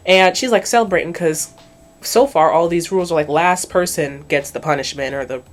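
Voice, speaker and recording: A woman casually recapping a cartoon episode as a video host, chatty and expressive, with some swearing. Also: fairly low pitch, normal speed. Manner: chatty and expressive, swears, slips into characters' voices.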